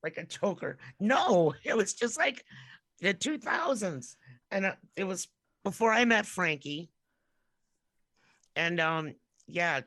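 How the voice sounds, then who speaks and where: A woman's voice: lowish voice, lively intonation, takes it slowly, long pauses, fairly bright tone, dry recording. A woman co-hosting a podcast in casual chat, easygoing and giggly, often trailing off mid-thought. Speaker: podcast co-host.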